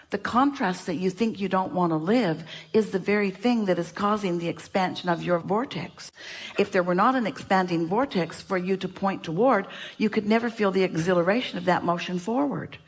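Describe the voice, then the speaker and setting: A woman with a low, husky voice addresses a seminar audience in an emphatic, repetitive way. She speaks of herself as "we" and keeps coming back to the same point. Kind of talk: inspirational seminar talk to an audience.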